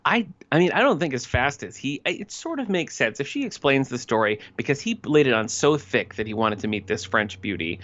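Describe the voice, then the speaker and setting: A man's voice: medium pitch, very animated, brisk, hardly any pauses, a bit bright. A man co-hosting a podcast, recapping a TV episode in a laid-back way with dry joking asides. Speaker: podcast co-host. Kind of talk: casual TV episode recap chat. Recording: slightly dull lo-fi audio.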